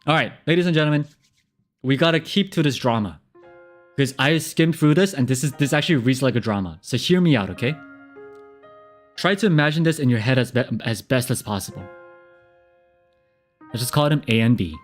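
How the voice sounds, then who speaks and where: A man's voice: mid-range voice, brisk, pauses often, faint music behind. A man streaming live, casually reading viewer messages and giving relationship advice with lots of laughing asides. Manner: animated, laughing, chatty asides.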